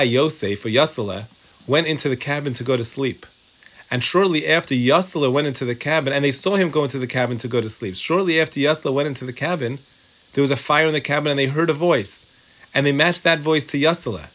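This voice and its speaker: A man's voice: mid-range voice, fairly bright tone. A man teaching a Torah class, reading Hebrew and Aramaic text and explaining it in English through repeated examples. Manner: repetitive, working through examples aloud. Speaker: Talmud teacher.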